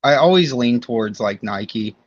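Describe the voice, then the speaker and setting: A man's voice: mid-range voice, expressive, moderate pace. A man chatting on a podcast in a laid-back, joking way with rambling asides. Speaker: podcast guest. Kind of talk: casual podcast chat. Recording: dull, dry lo-fi mic.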